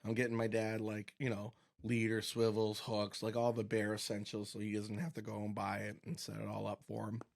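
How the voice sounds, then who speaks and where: A man with a Massachusetts accent hosting a podcast, telling stories in a casual, animated way and laughing often. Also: lowish voice, a little fast, vocal fry, hardly any pauses. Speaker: podcast host. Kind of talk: casual storytelling chat.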